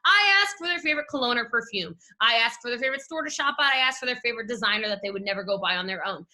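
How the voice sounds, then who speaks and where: Brief: high-pitched Southern woman, bright tone, gushing team-leadership pep talk from home. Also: rapid-fire. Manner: animated, gushing, talks straight to listeners. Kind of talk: energetic motivational talk on a call. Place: at home desk. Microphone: video call.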